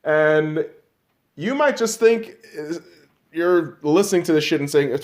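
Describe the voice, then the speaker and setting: A man hosting a podcast, ranting angrily and profanely, mocking imagined listeners and swinging from loud outbursts to low mutters. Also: animated, moderate pace, slight background noise. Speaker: podcast host.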